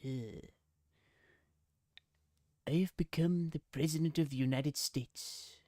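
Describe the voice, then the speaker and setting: A man imitating a frail, scheming old cartoon tycoon in a slow, breathy drawl. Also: on the high side, mellow, no echo, clean studio sound, pitched above the performer's own voice. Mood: smug.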